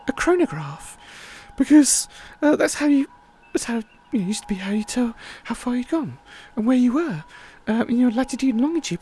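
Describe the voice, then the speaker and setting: A woman's voice: sits high, mellow, husky. A woman hosting a livestream, chatting in a rambling, casual way with many fillers. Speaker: livestream host.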